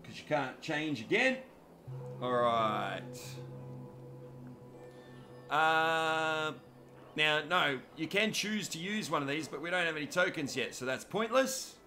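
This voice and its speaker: Bright-voiced cheeky Australian gamer. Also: male voice, fairly high pitch, animated, takes it slowly, long pauses, soft background music. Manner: cheeky, joking, chats to viewers by name. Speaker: gaming commentator. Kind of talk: live gameplay commentary.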